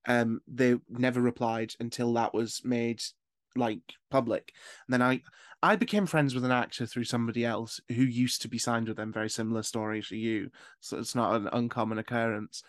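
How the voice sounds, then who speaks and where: A man's voice: medium pitch, dry recording, studio quality. A man hosting a podcast, chatting candidly with a gossipy, swearing manner. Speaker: podcast host. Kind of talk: casual chat.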